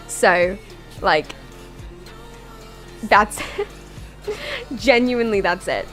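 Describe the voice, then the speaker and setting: A woman's voice: medium pitch, huge pitch swings, very slow, pauses often, fairly bright tone, soft background music. A young British woman streaming a game, chatting casually with viewers in a rambling, jokey, tangential way while sounding tired.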